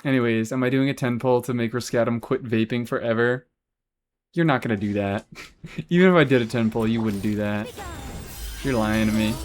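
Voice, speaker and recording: A man's voice: medium pitch, brisk, slight background noise. A man live-streaming a game, chatting casually and answering chat, swearing freely as he talks. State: has hiccups.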